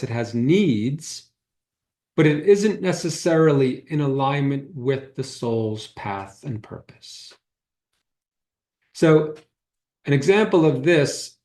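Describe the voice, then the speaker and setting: A man's voice: mid-range voice, darkish tone. Man giving a spiritual talk, roomy sound. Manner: conversational storyteller who acts out quoted dialogue. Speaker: holistic healer giving a talk. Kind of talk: spiritual talk told through personal stories. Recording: roomy echo.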